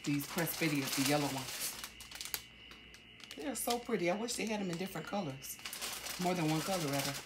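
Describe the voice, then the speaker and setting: A middle-aged woman talking casually at home in a haul vlog, chatty and halting, with many ums. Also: low-pitched, expressive, very noisy. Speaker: vlogger.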